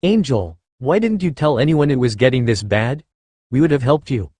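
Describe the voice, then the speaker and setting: A man voicing a gentle, earnest male soldier in an audio story. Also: medium pitch, lively intonation, normal speed, no echo, close to an everyday voice.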